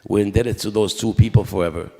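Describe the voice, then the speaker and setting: Gravelly low man in an echoey church. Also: steady tone, warm tone. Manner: conversational, halting with restarts and quoted dialogue. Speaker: eulogy speaker at a memorial mass. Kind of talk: storytelling family history.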